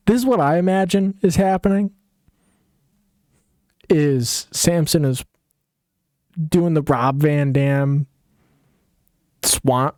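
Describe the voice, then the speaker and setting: A man's voice: a little high, a little mellow, no room sound, studio quality. A man retelling a story in a casual, comedic way, sarcastic and rambling with restarts.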